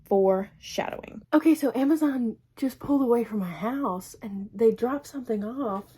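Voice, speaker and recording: A woman talking casually to camera at home about books she has been reading. Her voice sits a little high, and she chats in a gushing, rambling way, full of fillers and quick restarts. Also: dark tone, husky. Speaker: book vlogger.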